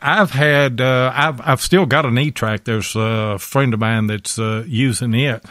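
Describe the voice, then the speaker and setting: A man's voice: mid-range voice, a little slow, a bit bright, dry recording, clean studio sound. A man hosting a live radio talk show in a folksy, easygoing way.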